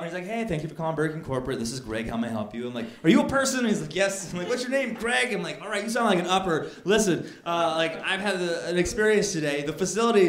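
High-voiced man doing stand-up in a club. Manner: animated storytelling, voices rising into mock outrage. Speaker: stand-up comedian. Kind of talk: stand-up comedy set. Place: comedy club stage. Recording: echoey club with crowd laughter.

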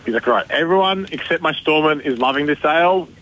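An upbeat man on a radio spot, talking up a shop sale with chatty anecdotes. His voice sits a little higher than most men's. It comes through as a radio broadcast. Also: fast talker, fairly bright tone, rough recording. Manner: upbeat salesy storytelling. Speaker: store manager on radio. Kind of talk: radio promo chat.

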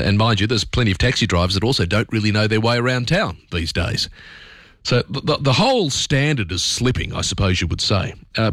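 A man's voice: on the low side, a bit bright, dry recording, clean studio sound. An Australian man hosting talkback radio, talking through his opinions in a conversational, opinionated way with plenty of fillers.

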